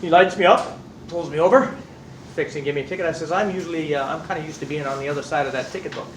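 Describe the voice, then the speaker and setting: A middle-aged man from California telling stories to a class, fairly high for a man, acting out everyone in them and cursing freely. He is picked up from across an echoey room, with faint ambient noise. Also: very fast. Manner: animated storyteller, acts out voices, swears casually. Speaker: instructor. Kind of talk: anecdotes in a class. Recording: echoey room, distant mic.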